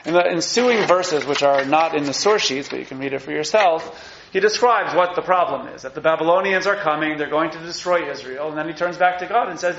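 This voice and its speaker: A fairly high-voiced man teaching a class, animated and often acting out the cries in the texts he reads. The sound is echoey and a bit dull and lo-fi. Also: fairly quick, crowd noise. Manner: animated, acts out the prophets' cries. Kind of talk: evening Torah class lecture. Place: classroom with live audience.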